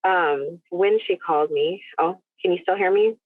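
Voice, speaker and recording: A middle-aged woman telling a personal story as a podcast guest over a call, earnest and halting, often restarting her sentences. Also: on the low side, dry recording. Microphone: phone or video call. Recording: narrow phone-line call audio.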